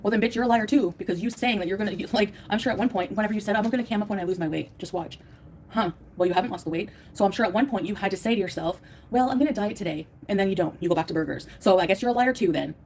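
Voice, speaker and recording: A woman's voice: medium pitch, rapid-fire, a little mellow, slight background noise. A woman livestreaming at home, defensive and profane, ranting at her chat while tired and in a bad mood. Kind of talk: angry livestream rant to chat.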